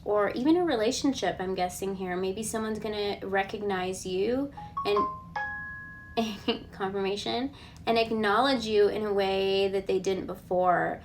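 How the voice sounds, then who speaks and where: A woman giving a casual collective tarot reading, relaxed and reassuring. She thinks aloud and often checks in with a questioning "okay?". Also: mid-range voice, unhurried, music in the background. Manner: chatty, ends points with a questioning "okay?". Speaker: tarot card reader.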